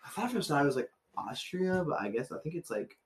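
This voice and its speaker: A man's voice: on the high side, very animated, fast, crowd noise. A man hosting a podcast, reading historical dates and rambling in casual chat. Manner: rambling, many fillers, swears.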